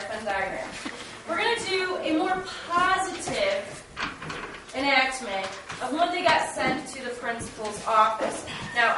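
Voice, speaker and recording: A woman teacher giving instructions to her class and directing students through a role-play. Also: sits high. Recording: very echoey, distant and noisy classroom recording.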